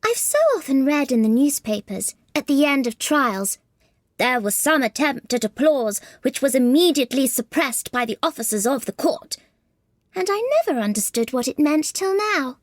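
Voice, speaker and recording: A prim, earnest young girl speaks in a bright falsetto far above a man's voice, as a male narrator puts her on. Her lines come out well-mannered but firm. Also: lively intonation, normal speed, no room sound, studio quality. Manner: prim and earnest, turning bold. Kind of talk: audiobook character voice.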